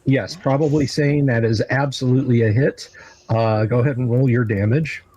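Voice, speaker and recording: A man running a tabletop game as game master, halting with many filler sounds. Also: medium pitch, steady tone, dark tone, muffled recording. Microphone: video call mic.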